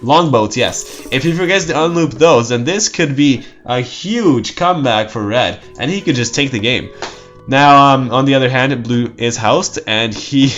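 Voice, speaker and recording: A man's voice: medium pitch, a little slow, a bit bright, dull audio, faint music behind. A man giving casual, rambling game commentary, joking and breaking off with nervous laughs. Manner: rambling, jokey, self-interrupting with nervous laughs.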